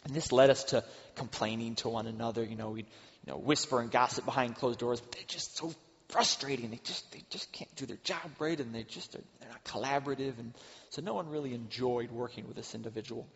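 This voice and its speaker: A middle-aged man giving a sermon as a pastor, earnest, rising to loud emphasis and dropping to hushed asides. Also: mid-range voice, brisk. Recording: dull sound with long hall reverb.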